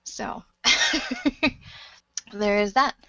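A woman's voice: fairly high pitch, very slow, bright, forceful tone, no room sound, lo-fi sound. A woman co-hosting a casual podcast, giggly and playful. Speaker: podcast co-host.

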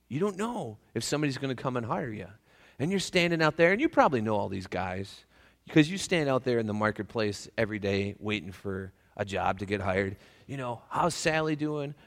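A man's voice: mid-range voice, big-room sound. A man preaching a casual, joking sermon to his church. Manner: folksy, joking, acts out voices. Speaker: pastor. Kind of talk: conversational sermon. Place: church sanctuary.

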